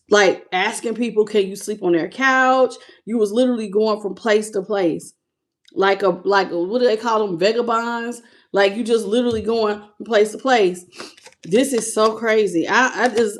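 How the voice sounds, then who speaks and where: A woman reading tarot cards live, talking to her viewers and greeting them by name, with emotion and a casual way of speaking. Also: medium pitch. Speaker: tarot reader.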